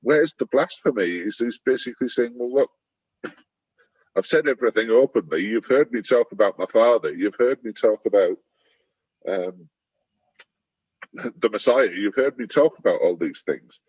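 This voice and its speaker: Husky man in lo-fi Bible chat. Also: lively intonation, moderate pace, long pauses, a little mellow, no echo. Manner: rambling, acts out quotes with sudden high pitch. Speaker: church discussion partner. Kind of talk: conversational Bible discussion. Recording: dull lo-fi sound.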